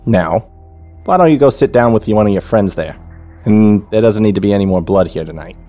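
A man's voice: lowish voice, expressive, mellow, soft background music, close to an everyday voice. A man voicing a boastful, menacing male assassin in a tabletop game, speaking in a put-on accent. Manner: slow, threatening drawl in a put-on accent.

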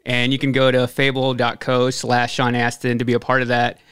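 A male host with a mid-range voice asks questions briskly. He then moves on to present a segment in the same upbeat, steady manner. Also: medium pitch, clean tone, dry recording, studio quality. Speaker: interviewer and host. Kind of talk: interview questions and read commentary.

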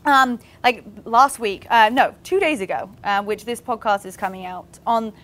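A woman's voice: on the high side, moderate pace, fairly bright tone. A woman hosting a podcast, talking casually and candidly to her listeners and encouraging them, with many "like" fillers. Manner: encouraging, speaks to listeners directly. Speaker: podcast host. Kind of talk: casual motivational podcast talk.

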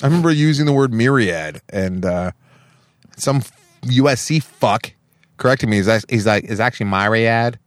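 A man's voice: mid-range voice, fairly quick, dry recording. Rambling, swearing man in a dry room. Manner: rambling, self-deprecating, swears freely. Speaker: podcast co-host. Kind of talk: casual chat.

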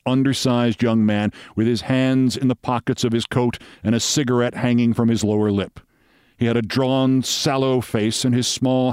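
A man hosting, giving a measured, wry reading of a short crime story aloud. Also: lowish voice, a little mellow, no echo, clean studio sound.

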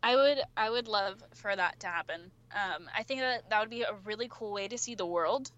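A woman's voice: medium pitch, moderate pace, a bit bright, dull audio. A young woman chatting as a podcast guest, full of "like" fillers. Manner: chatty, heavy use of "like" fillers. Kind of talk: casual podcast chat.

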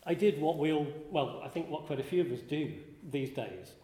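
A man's voice: fairly high pitch, moderate pace, warm tone. A man from northern England giving a talk to an audience, telling an anecdote in a wry, self-deprecating way. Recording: echoey hall.

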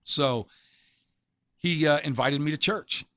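Taking his time, a middle-aged man with a slightly high, fairly bright voice recounts his personal faith testimony during an interview. He is earnest and emphatic and tends to repeat the first word of his phrases.

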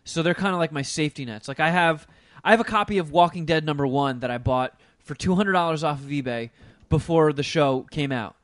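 A man with a somewhat high voice, rambling through stories in a relaxed, casual chat. He swears constantly and restarts his sentences as he goes. The recording is dry, with no room around it. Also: a little fast, few pauses, no room sound. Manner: profane, rambling storyteller.

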